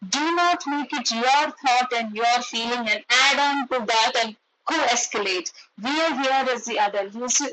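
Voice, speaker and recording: A woman's voice: a little high, normal speed, hardly any pauses, sharp tone, rough recording. A woman and mother giving a parenting talk, answering questions earnestly, repeating key points and asking rhetorical questions. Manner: asks the listener rhetorical questions. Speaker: parenting coach.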